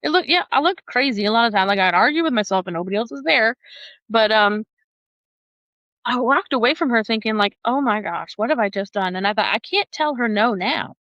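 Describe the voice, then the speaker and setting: Woman, podcast guest, personal storytelling, animated, high-pitched, dry slightly muffled sound. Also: a little fast, no room sound. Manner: animated, laughing often, acts out quoted voices.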